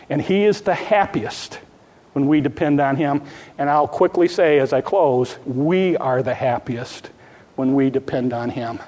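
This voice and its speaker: A man preaching a sermon, swinging from hushed pleading to loud exclamation. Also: mid-range voice, a little slow. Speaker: pastor. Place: church sanctuary. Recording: long reverb of a church hall.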